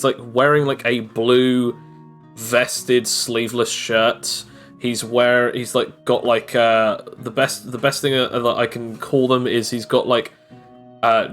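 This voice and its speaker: A man narrating a tabletop game as game master, rambling with many fillers, restarts and pauses. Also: mid-range voice, fairly bright tone.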